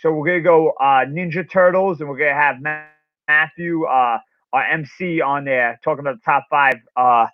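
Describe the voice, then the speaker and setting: A man's voice: on the high side, normal speed. A man hosting a podcast in casual chat, rambling with restarts as he wraps up the show. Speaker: podcast host. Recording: dull, lo-fi sound.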